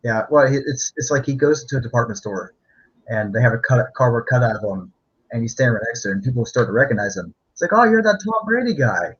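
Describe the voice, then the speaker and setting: Husky-voiced guy cohost rambling thru a story, um and uh, dull audio. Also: medium pitch, quick pace. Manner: rambling storyteller with fillers, laughs. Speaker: podcast co-host. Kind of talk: casual chat. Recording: dull lo-fi sound.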